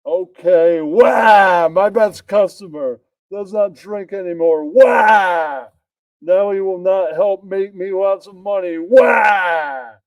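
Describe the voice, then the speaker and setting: A man voicing a brash, blustering male bartender and bar owner who shouts at his customers. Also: on the high side, takes it slowly, pauses often, clear, resonant tone, no echo. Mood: ranting.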